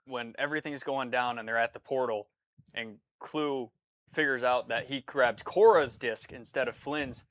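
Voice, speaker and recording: Man, podcast co-host, bright crisp voice, dry close sound, earnest enthusiastic movie talk. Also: mid-range voice, normal speed, dry recording. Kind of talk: casual movie chat.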